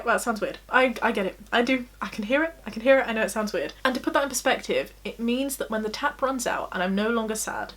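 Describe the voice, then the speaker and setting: A young woman talks straight to the camera from her bedroom in a personal, confessional vlog. Her voice sits a little on the high side. She is candid and self-deprecating, and she laughs often as she talks. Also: fairly bright tone. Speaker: vlogger.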